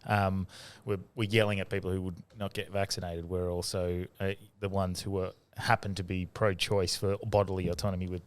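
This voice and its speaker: A man's voice: low-pitched, little pitch movement, a little fast. A man co-hosting a podcast, giving his views in a blunt, profane rant during casual chat. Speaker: podcast co-host.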